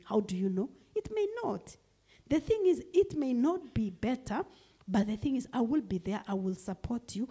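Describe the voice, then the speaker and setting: A woman's voice: a little high, sing-song, moderate pace, mellow, slightly rough. A woman with a Kenyan accent preaching a sermon in church, emphatic and repeating her key phrases. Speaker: guest preacher.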